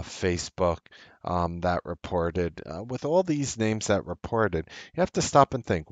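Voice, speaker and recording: A man hosting a stock trading show, explaining market news step by step in a conversational way, with loud, incredulous bursts when he stresses a point. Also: on the low side, dry recording. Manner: animated, incredulous outbursts, rising loud on emphasis. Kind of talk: market commentary to camera.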